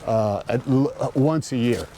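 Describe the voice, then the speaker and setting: A man's voice: mid-range voice, measured pace, background noise. A man chatting as a guest while hiking an outdoor trail, wry and self-deprecating. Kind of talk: casual chat on a hike.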